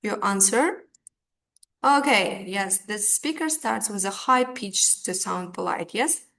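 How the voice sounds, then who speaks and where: Woman teacher, unhurried, patient, filler words. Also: medium pitch, vocal fry, fairly bright tone. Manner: slow, patient, with fillers and restarts. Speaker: English teacher. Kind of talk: online language lesson.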